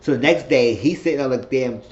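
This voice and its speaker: A man giving a casual spoken recap of a TV episode, chatty and animated, slipping into voices to act out what the characters said. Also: medium pitch, a little fast. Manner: chatty, acts out characters' lines in exaggerated voices. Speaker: TV series recapper. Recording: roomy, slightly dull home recording with faint noise.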